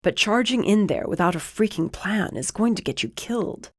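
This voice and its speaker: A woman's voice: medium pitch, expressive, normal speed, no echo, studio quality, pitched above the performer's own voice, close to an everyday voice. A woman narrator voicing a protective young adult man who argues with urgent, level reasoning. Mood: firm. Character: protective young adult male ally, steady and firm. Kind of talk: audiobook character voice.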